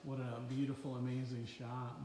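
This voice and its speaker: A man's voice: mid-range voice, level tone, moderate pace, noisy background. An enthusiastic man interviews a guest in a casual, upbeat way, tripping over and repeating words. The sound is roomy and echoey, as in an open shop. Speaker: interviewer, event organizer. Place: a shop, indoors.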